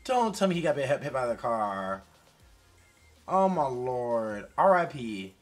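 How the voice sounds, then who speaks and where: Animated man reacting loudly to a music video. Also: mid-range voice, slow. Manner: animated, talks straight to viewers, shifts between loud excitement and quiet mumbling. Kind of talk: casual reaction commentary.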